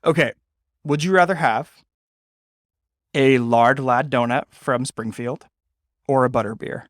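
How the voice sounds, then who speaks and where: A young man co-hosts a relaxed podcast, cracking jokes and tossing in quick asides. His voice sits in a middle range. It is recorded close and dry. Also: medium pitch, dry recording. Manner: joking, quick asides, laughs often. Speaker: podcast co-host. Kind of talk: casual chat.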